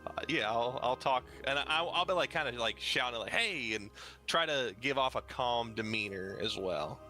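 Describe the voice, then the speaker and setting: Man player, bright voice, halting, full of likes, faint music behind. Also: medium pitch. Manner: hesitant, halting, many "like"s. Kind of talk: casual tabletop play.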